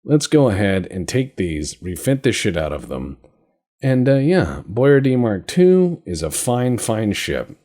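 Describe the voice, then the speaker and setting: A man's voice: fairly low pitch, big pitch swings, a little slow, dark tone. A man giving casual gameplay commentary as a channel host, joking and sarcastic, swearing freely.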